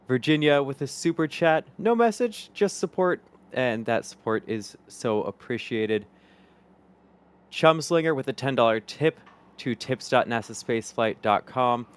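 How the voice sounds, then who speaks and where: A man's voice: mid-range voice, clear, resonant tone. A man hosting a livestream, reading out viewer messages and thanking supporters in an upbeat way. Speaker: livestream host. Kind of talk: live-stream hosting, reading super chats.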